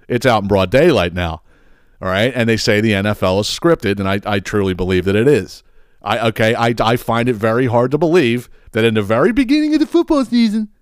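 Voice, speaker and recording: A man rants profanely on his podcast, tripping over repeated words as he goes. His voice is smooth and clear, recorded close and dry. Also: medium pitch, animated, brisk, no room sound. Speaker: podcast host. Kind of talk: casual podcast rant.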